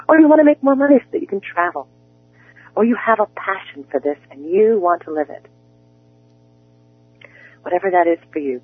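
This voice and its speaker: Husky-voiced male coach on a tinny phone line. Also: high-pitched. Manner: soft, slow guided-imagery delivery. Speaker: life coach leading a group call. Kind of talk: guided visualization coaching. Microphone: telephone.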